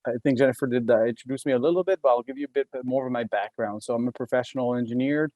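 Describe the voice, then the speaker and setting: A man's voice: mid-range voice, racing, no echo, phone-quality sound. A man with a Québécois French accent giving a webinar presentation as an engineer, talking hesitantly with many fillers and restarts. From Quebec.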